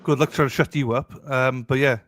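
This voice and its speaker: A man's voice: medium pitch, steady tone, a little fast, fairly bright tone, a little hiss or hum. A man co-hosting a live stream, upbeat and affectionate, reading viewers' names and comments aloud. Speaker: co-host. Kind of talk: casual live stream chat.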